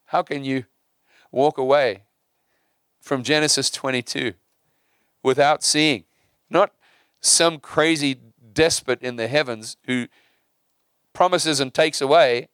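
A man preaching a sermon, repeating and restarting words and swinging from hushed to emphatic. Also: medium pitch, slow pace, pauses often, smooth, dry recording, clean studio sound.

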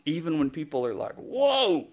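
A man's voice: on the high side, animated, brisk, a bit bright. Man preaching with a humorous, chatty storytelling style. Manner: humorous, self-deprecating storytelling; casual, filler-heavy delivery. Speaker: pastor. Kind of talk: conversational sermon.

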